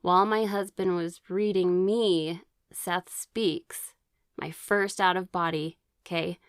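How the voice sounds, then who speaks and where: A woman's voice: on the low side, fairly even intonation, slow pace, dry recording, studio quality. Chatty woman recounting her experiences. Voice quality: occasional throat clearing. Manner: chatty, rambling with many fillers and restarts; reads aloud from her own notes. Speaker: vlogger sharing personal experiences. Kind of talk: casual personal storytelling.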